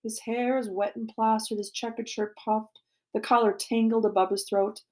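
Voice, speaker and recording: A woman reading a novel aloud to a class, expressive and dramatic, sometimes dropping to a hushed voice. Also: fairly high pitch, moderate pace. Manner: expressive, dramatic, drops to a hushed voice for tense moments.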